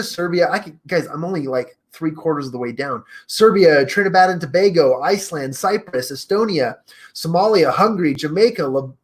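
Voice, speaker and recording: A man's voice: sits high, fairly bright tone. A man hosting his own podcast, chatting casually to his listeners, stumbling over names and laughing at himself. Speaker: podcast host. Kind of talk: casual solo talk to listeners.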